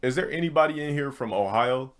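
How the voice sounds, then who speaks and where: A man's voice: medium pitch, expressive, brisk. A man streaming, telling a rambling story to his chat in blunt, profane casual talk. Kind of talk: casual ranting monologue to a live chat.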